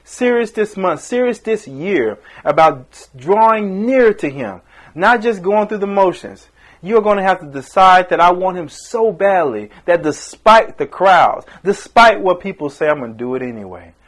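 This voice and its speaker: A man preaches with fervor, his voice sitting fairly high for a man. He swings between loud emphatic bursts and quieter, pressing questions, and now and then briefly acts out the people he quotes. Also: animated, normal speed. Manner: impassioned, rising and falling emphasis with acted-out quotes. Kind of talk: sermon.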